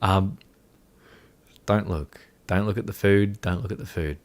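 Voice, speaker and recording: A man's voice: lowish voice, a little slow. A young man hosting a casual livestream chat, rambling and mocking himself with frequent laughter. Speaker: livestream host.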